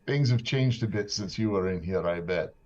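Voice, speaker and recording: Gruff lo-fi male player with a put-on accent. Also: low-pitched, normal speed, darkish tone. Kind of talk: tabletop role-play.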